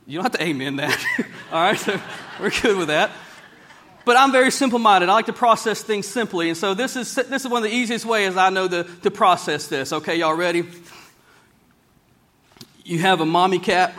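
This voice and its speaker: Guy preaching in church, high-pitched voice, folksy and plain, slows way down for bible verses. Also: sharp tone. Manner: folksy, plain-spoken, slows down to read scripture aloud. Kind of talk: sermon.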